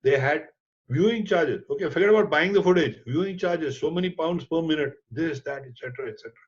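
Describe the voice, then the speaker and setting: A middle-aged man with an Indian accent, a documentary filmmaker telling a lively story in conversation and mixing in Hindi words and casual swearing. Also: a little high, rapid-fire, breathy edge. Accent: Indian English. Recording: dull lo-fi audio.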